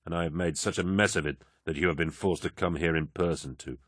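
A man's voice: deep voice, steady tone, a little fast, a bit bright, dry recording, clean studio sound. A man reading an audiobook, voicing a troubled male soldier captain who speaks earnestly and in a subdued way. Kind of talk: audiobook character voice.

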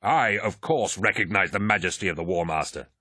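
A man's voice: deep voice, fairly quick, pushed and bright, husky, dry recording, clean studio sound, exaggerated voice. A man voicing a proud, condescending warrior lord. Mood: stiff. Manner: arrogant, condescending.

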